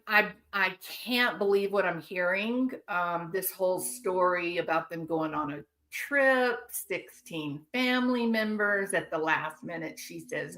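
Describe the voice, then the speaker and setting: Woman commentary host, mid-pitched voice, indignant, emphatic delivery with rhetorical asides. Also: bright, forceful tone. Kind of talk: opinionated commentary.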